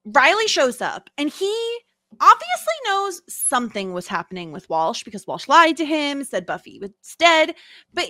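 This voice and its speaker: A woman co-hosts a chatty TV recap podcast, slipping into characters' lines as she retells scenes. Her voice sits a little high and bright, and it moves all over the place. The sound is dry and close. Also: wildly swooping pitch, moderate pace, no room sound. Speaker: podcast co-host. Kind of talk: casual chat recapping a TV episode.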